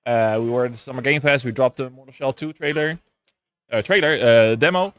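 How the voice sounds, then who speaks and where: A man with an ordinary mid-range voice talks about his work in a casual interview. He sounds relaxed, teasing now and then. He leans on fillers as he goes. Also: medium pitch, brisk, smooth. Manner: relaxed, joking, with frequent fillers. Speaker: game publisher guest.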